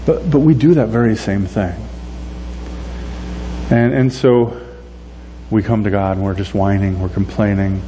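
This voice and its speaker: A man's voice: lowish voice, unhurried, long pauses, a little hiss or hum. Man preaching in a reverberant church. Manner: conversational, animated, acts out voices of complainers. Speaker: pastor. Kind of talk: sermon.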